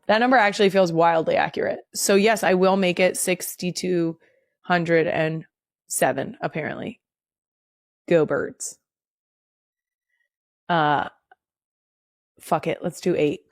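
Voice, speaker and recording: A woman's voice: lowish voice, unhurried, pauses often, dry recording, clean studio sound. Blunt, candid woman podcast host. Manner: blunt, candid, swears for emphasis. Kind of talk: casual podcast chat.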